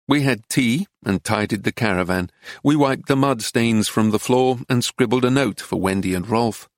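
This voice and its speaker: Here a man narrates an audiobook from script, his mid-range voice steady and measured. The recording is dry, captured up close on a studio mic.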